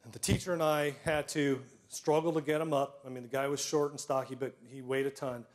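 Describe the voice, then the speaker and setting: A middle-aged man telling personal stories to a live audience, self-deprecating, with comic timing and frequent throat clearing. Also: mid-range voice, level tone, brisk. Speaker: storyteller.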